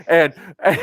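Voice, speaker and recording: A man hosting a casual podcast chat, telling a long story in an animated, exasperated and profane way. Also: very high-pitched, no echo. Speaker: podcast host.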